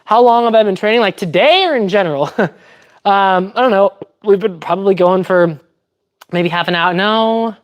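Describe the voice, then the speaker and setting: A woman's voice: medium pitch, moderate pace. A woman chatting casually on a livestream while training fencing, thinking aloud and explaining technique step by step. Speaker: fencer streaming her training.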